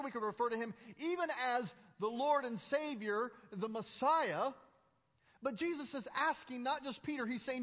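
A man with a strikingly high voice preaches an earnest sermon as a pastor. He acts out the exchanges of the passage and often repeats a word before going on. The sound is dull and carries a long reverb, as from a church sanctuary. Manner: earnest, acts out the dialogue lines, repeats words when starting phrases.

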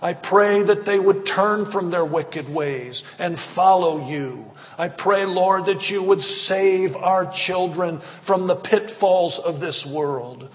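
In a church hall, a pastor with a high-sitting voice preaches and prays slowly with few pauses, fervent and rhythmic, appealing again and again. The recording is reverberant and dull.

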